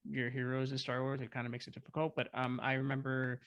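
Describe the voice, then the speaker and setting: Bright-voiced man telling a story excitedly. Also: mid-range voice, fast talker, no echo, dull audio. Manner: excited, rambling with many fillers and restarts. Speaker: guest filmmaker. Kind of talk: casual storytelling.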